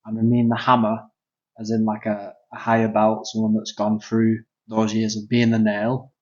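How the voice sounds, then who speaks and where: A lower-voiced man with a Manchester accent co-hosts a grappling podcast. His pitch stays very flat, and he explains things earnestly through steady fillers. The sound is dull and lo-fi. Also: normal speed. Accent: Northern English, Manchester. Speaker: podcast co-host and grappling coach. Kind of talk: casual chat.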